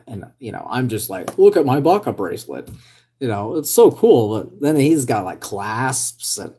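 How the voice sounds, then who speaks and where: A man chatting casually on a live stream, rambling with lots of hesitations and reading out viewer comments, his voice still recovering from hoarseness. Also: lowish voice, warm tone. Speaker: livestreamer.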